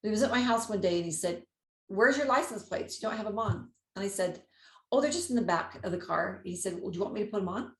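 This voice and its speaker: Animated woman telling a story in a roomy space. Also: mid-range voice, fast. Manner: animated storyteller, acts out dialogue, laughs often. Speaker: podcast host. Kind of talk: storytelling monologue. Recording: roomy echo.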